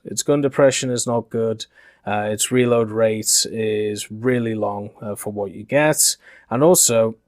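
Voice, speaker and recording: A man from Yorkshire speaking with a softened middle-class British accent, giving casual, rambling gaming commentary full of "uh" fillers. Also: lowish voice, dry recording, studio quality. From Yorkshire, England. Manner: conversational and rambling, frequent uh fillers.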